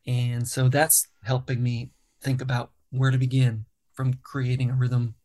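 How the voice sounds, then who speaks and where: A man's voice: medium pitch, monotone, unhurried, a little mellow. A man, a songwriter and guest, talking casually in an interview and explaining his process thoughtfully, step by step.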